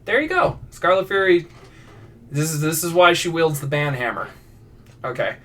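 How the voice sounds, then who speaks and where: A man streams himself writing fiction, working loosely through viewer prompts, often starting over and making self-deprecating remarks. His pitch sits on the high side, with a moderate pace and a fairly bright tone. The mic picks him up from a bit of a distance.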